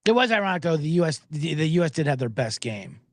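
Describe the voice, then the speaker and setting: Sarcastic, high-voiced man hosting a podcast. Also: very animated, fast, dry recording. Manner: sarcastic, riffing, reads viewer comments aloud. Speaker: sports betting podcast host. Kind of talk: casual profane commentary.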